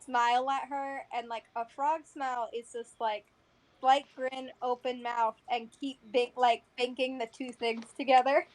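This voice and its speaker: A woman's voice: high-pitched, flat delivery, measured pace. A woman playing in a tabletop game, chatting in a playful, easygoing way. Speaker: player. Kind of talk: casual tabletop game chat.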